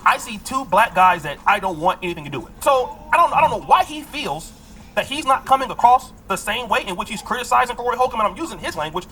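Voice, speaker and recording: A woman's voice: on the high side, animated, quick pace, fairly bright tone, a little hiss or hum. A woman giving opinion commentary, arguing her point with rhetorical questions. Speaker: political commentator.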